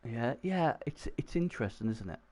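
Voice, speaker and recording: A man commentating live on a video game stream, chatty and excitable, talking to his viewers. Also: mid-range voice, normal speed. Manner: chatty, excitable, talks to chat.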